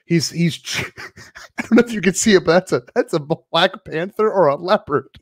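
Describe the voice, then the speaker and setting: A young man with a high voice hosts a livestream card opening. He laughs often and gets nervous and excited. The sound is dry and close. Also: normal speed, no room sound. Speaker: podcast co-host.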